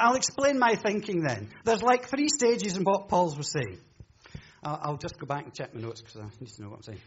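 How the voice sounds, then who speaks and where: A man's voice: sits high, a bit bright, muffled recording, slight background noise. A man preaching a sermon in church, chatty and jokey, teasing his congregation. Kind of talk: humorous sermon talk.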